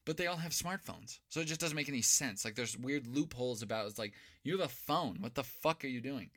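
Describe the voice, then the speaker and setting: A man's voice: medium pitch, lively intonation, fairly quick, fairly bright tone. A man co-hosting a casual podcast, recapping a movie plot in a rambling, profane way. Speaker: podcast co-host.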